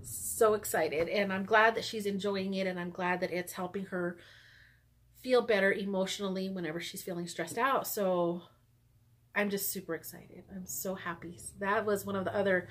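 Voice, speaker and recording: A woman talks casually to her viewers about her crafting, upbeat and chatty. She fills pauses with ums and breaks into small laughs. Her pitch sits in an ordinary middle range. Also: steady tone, slight background noise. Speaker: knitting podcast host. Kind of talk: casual knitting vlog chat.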